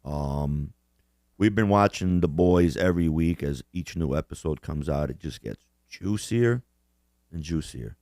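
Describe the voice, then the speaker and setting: A man's voice: very deep voice, animated, measured pace, dark tone, no room sound, studio quality. A man co-hosting a casual podcast chat, swearing constantly and rambling, often laughing as he mimics people. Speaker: podcast co-host.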